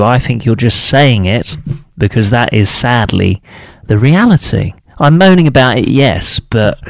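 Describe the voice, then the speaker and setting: A man's voice: vocal fry, no echo. A man giving his frustrated opinions as a football fan, talking solo and mocking other fans' views. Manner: frustrated, ranting, mocks other fans in high put-on voices. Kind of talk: opinionated solo talk to camera.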